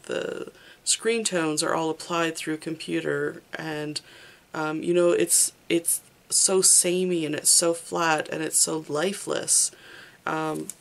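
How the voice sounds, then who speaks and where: A casual library-haul reviewer with a gravelly, fry-tinged voice. The talk stumbles along on frequent ums and restarts, and the opinions come out blunt and candid. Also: mid-range voice, a bit bright. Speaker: book reviewer.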